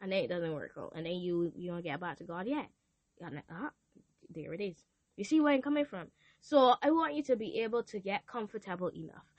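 A woman's voice: medium pitch, fast talker, no room sound, highs cut off. Earnest teenage girl podcaster. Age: teens. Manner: earnest, confessional, animated quoting. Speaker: podcast host. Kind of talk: casual faith talk.

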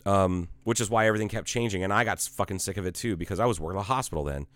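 A middle-aged man in casual podcast chat, blunt, teasing and quick to swear, on a studio mic. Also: low-pitched, fairly bright tone, dry recording. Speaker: podcast co-host.

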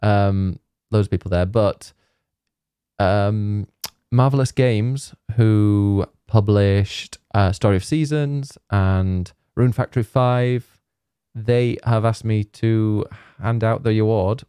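A man's voice: lowish voice, slow pace, mellow, smooth, no room sound, studio quality. A man co-hosting a casual chat show, rambling with lots of fillers and frequent laughter. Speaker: podcast co-host.

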